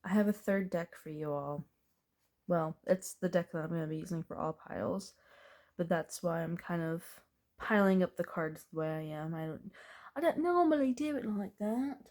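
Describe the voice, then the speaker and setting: A woman's voice: deep voice, steady tone, moderate pace, a little mellow. A woman doing a casual, chatty tarot reading, thinking aloud as she turns the cards and laughing now and then. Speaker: tarot reader.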